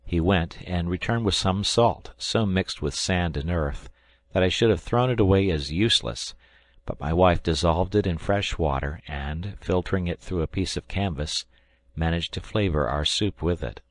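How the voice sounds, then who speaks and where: A man narrating an audiobook in a measured storytelling manner. His voice sits very low. The sound is close and dry. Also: dry recording. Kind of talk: scripted narration.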